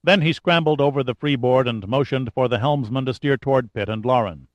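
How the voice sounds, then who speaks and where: A man's voice: medium pitch, fairly quick, no echo, lo-fi sound. Man narrating a dramatic audiobook. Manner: steady dramatic reading. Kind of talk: scripted narration.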